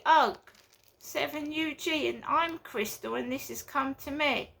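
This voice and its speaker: Agitated woman ranting, gravelly voice. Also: high-pitched, expressive, takes it slowly, fairly bright tone, slight background noise. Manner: agitated, repetitive complaining. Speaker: vlogger. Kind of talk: casual ranting monologue. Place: her flat, indoors.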